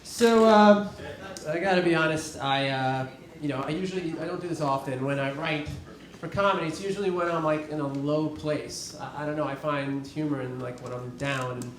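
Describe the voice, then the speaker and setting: A man's voice: a little high, moderate pace, background noise. A man in his thirties doing a rambling, self-deprecating stand-up set on a club stage with a handheld mic. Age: 30s. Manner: rambling, self-deprecating, with filler words and restarts. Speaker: stand-up comedian. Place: comedy club stage before a live audience. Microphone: handheld stage mic with dropouts. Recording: roomy club sound with crowd laughter.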